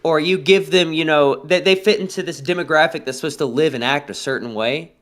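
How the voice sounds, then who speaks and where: A livestream co-host with a higher, fairly bright voice talks a little fast in casual political chat. He lectures bluntly on a topic, often checking in with "all right?".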